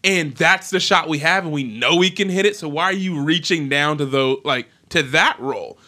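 A man co-hosting a casual podcast chat, animated and laughing often. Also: on the high side, moderate pace. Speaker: podcast co-host.

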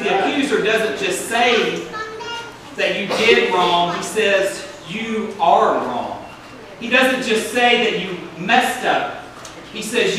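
A man's voice: high-pitched, noisy background. A male pastor preaching a sermon to a congregation, speaking in a preaching cadence that draws responses from the room. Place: church sanctuary. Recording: echoey hall, picked up from a distance.

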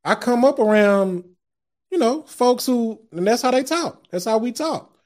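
A man with a high voice delivers a fiery, sermon-style talk on his own show. He speaks in blunt street slang, calls his listeners guys and family, and stumbles through repeated words as he builds each point. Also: expressive, measured pace, a little mellow. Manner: impassioned, repeats words when starting a thought. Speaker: podcast host.

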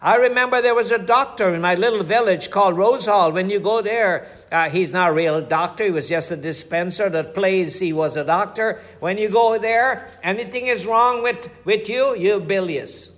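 A man's voice: sits high, moderate pace, few pauses, fairly bright tone. A middle-aged man, preaching a sermon in a folksy storytelling way, weaving in scripture quotes. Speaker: pastor.

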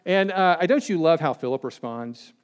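A man's voice: a little high, animated, moderate pace, smooth. Man preaching a chatty, joking sermon. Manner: chatty, joking, acts out quoted people. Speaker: pastor. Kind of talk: conversational sermon.

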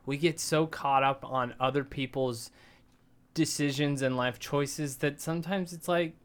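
A man's voice: a little high, fairly even intonation, a little slow, a bit bright, smooth. A man co-hosting a podcast in casual chat, speaking in an earnest, reflective way. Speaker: podcast co-host.

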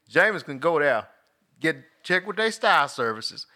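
A man's voice: a little high, very animated, unhurried, pushed and bright. A man co-hosting a casual sports talk show, teasing his partner and slipping in ad reads. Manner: playful, teasing, drops in ad reads. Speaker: co-host.

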